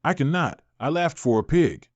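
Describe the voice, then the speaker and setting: A man voicing an arrogant, mocking male clan bully in a manhwa recap, read in a flat, even way. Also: on the high side, normal speed, no room sound, dull audio.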